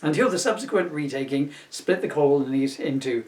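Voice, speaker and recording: A man's voice: a little high, a little fast, a little mellow, recorded from a distance. A man reading his own comic book aloud, often laughing at his jokes and breaking off for asides.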